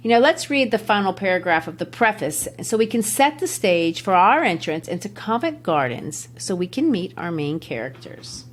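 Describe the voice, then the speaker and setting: Lady from chatting about books on a podcast, kinda low voice, explains stuff easy. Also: very animated, moderate pace, few pauses. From Tennessee, USA. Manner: conversational, explanatory, quotes passages. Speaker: podcast co-host. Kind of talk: casual literary discussion.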